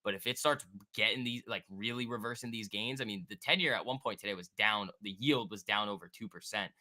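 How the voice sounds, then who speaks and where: Fairly low in pitch and fairly quick, this man's voice sounds bright and forceful. He's a stock trading livestream host, casually chatting, joking, and reacting to the charts and his audience.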